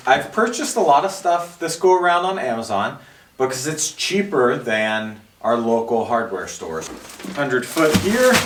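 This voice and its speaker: A man casually explaining a bus build in a matter-of-fact, wry way. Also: mid-range voice. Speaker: vlogger and builder. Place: inside a bus under construction. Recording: echoey room with noise.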